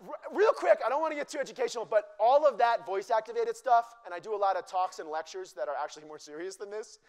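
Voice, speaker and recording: A man's voice: high voice, fast talker, darkish tone. A man giving a live cooking demonstration to an audience, joking and teasing the crowd in a chatty way.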